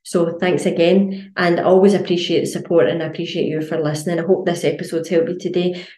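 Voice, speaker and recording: A woman's voice: fairly low pitch, steady tone, fast, dark tone, echoey room. A woman hosting a casual solo podcast as a fitness coach, blunt and chatty with plenty of swearing.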